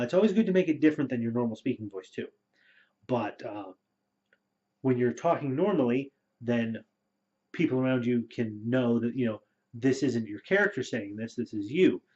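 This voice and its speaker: A man talking through role-playing tips in a relaxed, rambling way, with many fillers, as a game storyteller. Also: mid-range voice, normal speed. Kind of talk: casual spoken advice video. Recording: dull lo-fi recording.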